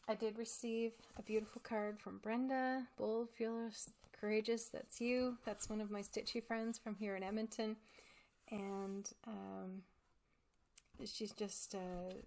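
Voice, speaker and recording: A woman talks through a casual crafting vlog at home. Her voice carries a gravelly edge of vocal fry at an ordinary middle pitch. She speaks in a heartfelt, halting way, stopping and restarting her sentences. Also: little pitch movement, a little mellow. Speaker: crafting channel host.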